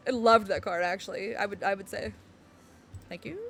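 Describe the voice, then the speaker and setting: A woman's voice: mid-range voice, normal speed, vocal fry, fairly bright tone, faint music behind. A woman streamer chatting casually on a live stream, bubbly and giggly, rambling with lots of fillers. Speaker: game streamer.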